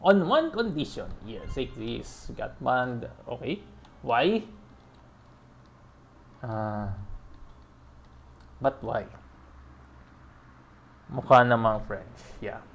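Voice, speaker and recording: A man giving relaxed, chatty commentary as he plays through a video game, often laughing. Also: medium pitch, extremely slow, gravelly, pauses often, dull audio, slight background noise. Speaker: gaming podcast host.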